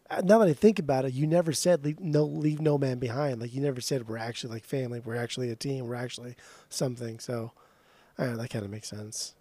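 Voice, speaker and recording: A man's voice: medium pitch, warm tone, no room sound. A man co-hosting a podcast, telling stories in a loose, profane way with lots of restarts. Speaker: podcast co-host. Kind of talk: casual chat.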